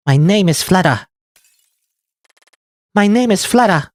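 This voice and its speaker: Man doing high nasal princess girl, possessive, clingy, big swings in pitch; dry sound. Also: lively intonation, slow pace, no room sound. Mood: demanding.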